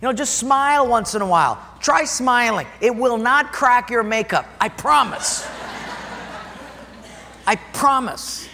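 Male pastor, high bright voice, lively storytelling sermon, long hall reverb. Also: normal speed, hardly any pauses, slight background noise. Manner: animated storytelling, acts out dialogue.

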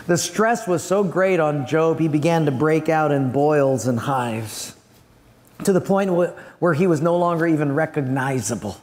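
A man's voice: fairly high pitch, expressive, a little slow, a little mellow. A man preaching a sermon, telling a story with animation and acting out the scenes. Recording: long hall reverb.

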